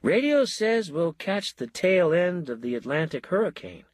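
A man's voice: fairly high pitch, sing-song, moderate pace, no room sound, studio quality, voice pushed up. A man voicing a small, serious old milkman who talks vaguely and trails off into a daze. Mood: dreamy.

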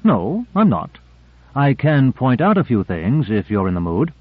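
A man's voice: medium pitch, big pitch swings, a little slow, slightly rough, no echo. A man voicing a shrewd, sardonic man who probes with pointed questions. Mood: sly. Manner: sly, probing, sardonic. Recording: dry narrow phone-like audio.

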